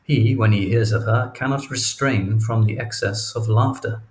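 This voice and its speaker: A man's voice: fairly low pitch, moderate pace, darkish tone, lightly acted. A male audiobook reader voicing a cunning, scheming villain with a sly, insinuating delivery. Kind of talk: audiobook character reading.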